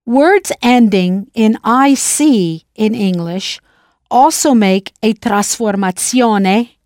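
A woman narrating a scripted language lesson in a clear, playful way, spelling words out letter by letter. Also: fairly high pitch, darkish tone, no room sound, studio quality. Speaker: language teacher.

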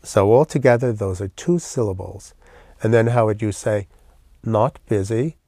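A man's voice: on the low side, moderate pace, dark tone, no room sound, studio quality. A man teaching a classroom language lesson, patiently explaining step by step with memory aids.

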